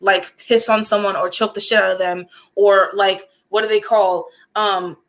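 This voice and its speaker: A woman's voice: medium pitch, flat delivery, normal speed, a bit bright, poor audio. A woman guest on a podcast, speaking emphatically and outspokenly in casual chat.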